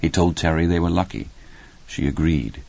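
A man reads an audiobook in a measured, steady way. His voice is very deep and close to the mic, with no room sound, and the recording is slightly muffled. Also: creaky, no echo. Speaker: audiobook narrator. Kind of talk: scripted narration.

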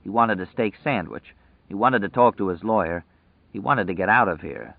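A man narrating a story in a measured, vivid storytelling manner, over tinny phone-like audio. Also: fairly low pitch, expressive, vocal fry, no room sound. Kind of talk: scripted narration.

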